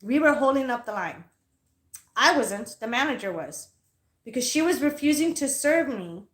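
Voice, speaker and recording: In an echoey room, a woman hosts a casual livestream as a psychic reader. Her voice is high and fairly bright, with lively intonation and a moderate pace, and she tells stories in a heated, profane way while sounding tired.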